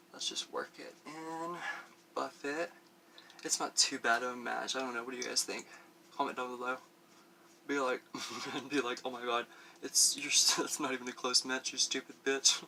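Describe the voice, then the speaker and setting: This male beauty vlogger rambles through a casual makeup review as he does his makeup on camera at home, laughing often and using many fillers. His mid-range voice has a sharp tone, with a bit of background noise.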